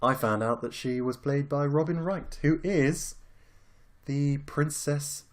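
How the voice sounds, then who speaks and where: A man's voice: a little high, takes it slowly. Laid-back British man. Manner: laid-back, rambling, swears casually. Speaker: podcast co-host. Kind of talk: casual film chat.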